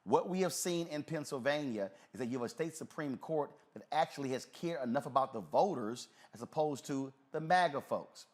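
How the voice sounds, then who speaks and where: A man hosting a live talk show, speaking with emphasis in a loose conversational style. He often fills pauses with "uh". His voice sits at an everyday middle pitch. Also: expressive. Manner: emphatic, conversational, many filler uhs.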